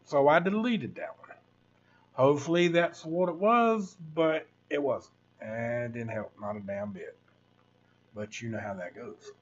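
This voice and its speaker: A man's voice: mid-range voice, a little slow. Sixties male streamer, rambling preachy rant over a muffled computer mic. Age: 60s. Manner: rambling, preachy, addresses viewers as folks. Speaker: livestream host. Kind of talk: casual livestream rant.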